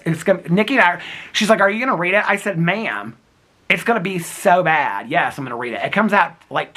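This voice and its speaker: A man's voice: on the high side, sharp tone. A man in his fifties vlogging outdoors in the cold, chatty and giggly, calling his viewers girl and honey. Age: 50s. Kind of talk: casual daily vlog to camera. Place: outdoors in cold snowy weather.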